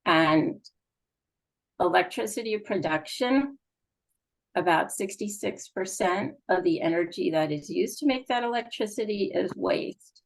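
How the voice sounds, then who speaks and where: A woman's voice: medium pitch, lively intonation, unhurried, creaky, low-quality recording. A woman speaking for a gas utility at a public meeting, explaining at length with frequent fillers. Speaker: utility company representative.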